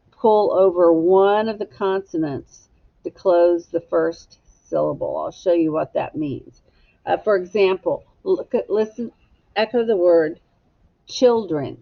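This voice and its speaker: A woman teacher giving a slow, patient phonics lesson to young children and prompting them to echo words. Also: fairly low pitch, dull audio.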